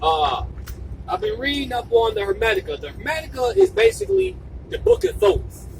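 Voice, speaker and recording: A man delivering an impassioned, profane video monologue, repeating himself for emphasis and sometimes shouting. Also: very high-pitched, wildly swooping pitch, moderate pace, gravelly, recorded from a distance, slight background noise, rough recording. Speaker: video blogger.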